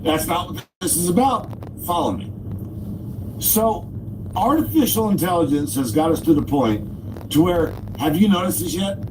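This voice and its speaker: A man's voice: sits high, expressive, moderate pace. A man hosting a casual livestream, ranting about delivery work and acting out both sides of phone calls. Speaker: livestream host and delivery driver. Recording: distant mic with loud background noise.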